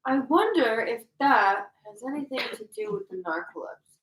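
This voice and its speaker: A woman's voice: fairly high pitch, lively intonation, moderate pace, a bit bright, recorded from a distance. A woman co-hosting a casual chat, telling stories and laughing through her words. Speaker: podcast co-host. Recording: echoey room, a bit off-mic.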